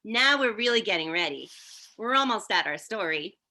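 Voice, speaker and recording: A woman's voice: mid-range voice, animated, moderate pace, sharp tone. A woman leading songs and blessings for a congregation, chatty and encouraging between verses, playing guitar. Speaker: song leader at a synagogue celebration. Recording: faint guitar music behind.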